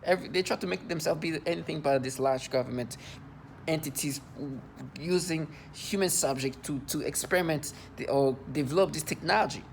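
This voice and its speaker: With a fairly high, creaky voice and slight background noise, an adult male vlogger speaks to camera in an agitated monologue. He sounds indignant and disgusted, stumbling over words, repeating and restarting them.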